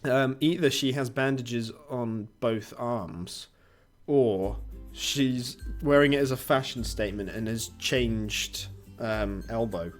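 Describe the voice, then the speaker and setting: A man's voice: medium pitch, takes it slowly, soft background music. A man streaming a dating game with friends, reading it aloud and rambling between laughs, swearing casually. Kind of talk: casual let's-play banter.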